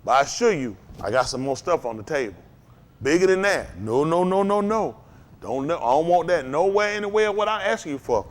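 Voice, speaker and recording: A man preaching to a congregation, calling out to them and rising to shouts. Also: fairly high pitch, animated, fairly quick. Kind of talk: sermon.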